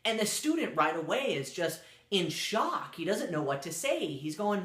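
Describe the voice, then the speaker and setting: A man's voice: sits high, very animated, moderate pace, fairly bright tone, roomy sound. A man casually telling a spoken story, rambling with fillers and restarts.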